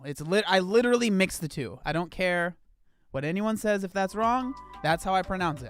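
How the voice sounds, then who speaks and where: A man live-streaming in a casual chat, animated and incredulous as he talks to his viewers. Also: high-pitched, fairly quick, faint music behind.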